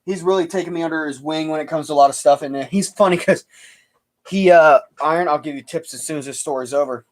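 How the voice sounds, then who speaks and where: A man's voice: a little high, quick pace. A young man hosting a casual livestream chat, rambling and laughing easily. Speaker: livestream host.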